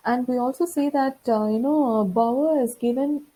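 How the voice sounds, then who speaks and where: A woman's voice: high voice, normal speed, warm tone, low-quality recording. A woman lecturer explaining course material in a recorded lesson, talking it through with frequent fillers and restarts.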